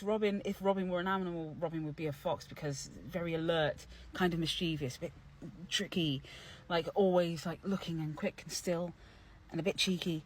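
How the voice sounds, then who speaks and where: With a voice on the high side and a fairly quick delivery, a young man who is both actor and playwright casually explains how his character came about. He's animated and chatty, peppering his talk with fillers and restarts.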